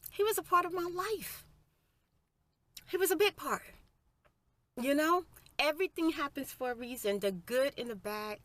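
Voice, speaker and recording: Soft-spoken woman telling a heartfelt story. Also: sits high. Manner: heartfelt, spiritual, chatty, addresses viewers as you guys and y'all. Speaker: ASMR storyteller. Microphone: close mic for eating sounds.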